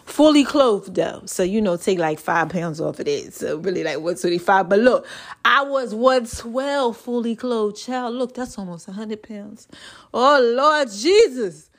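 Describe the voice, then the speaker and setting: A woman's voice: mid-range voice, animated, measured pace. A tired woman hosting a podcast, rambling in casual chat and urging her listeners on like a preacher. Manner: rambling, folksy, exhorting. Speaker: podcast host.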